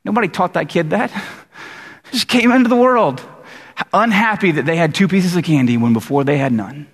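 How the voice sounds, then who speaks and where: A man preaching a sermon in a church, talking in a conversational, lively storytelling way with many fillers. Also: fairly high pitch, moderate pace, husky. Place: church sanctuary. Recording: long reverb of a church hall.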